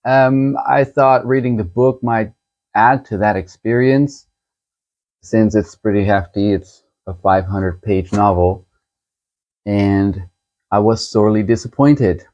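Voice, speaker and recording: A man hosting a book channel, chatting casually as he shows a book set and reviews a novel, unhurried and chuckling as he thinks aloud. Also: lowish voice, steady tone, a little mellow, dull audio.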